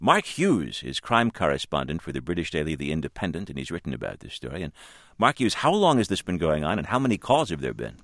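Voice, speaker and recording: Host role: man with a very deep, lively voice, probing questions, dry studio sound. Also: quick pace, few pauses, dry recording. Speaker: radio host. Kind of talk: radio news interview.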